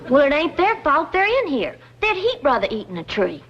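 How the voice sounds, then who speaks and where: A woman's voice: high-pitched, big pitch swings, a little fast, dull audio. An actress playing a sweet, simple young hillbilly woman in a 1960s TV sitcom. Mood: earnest.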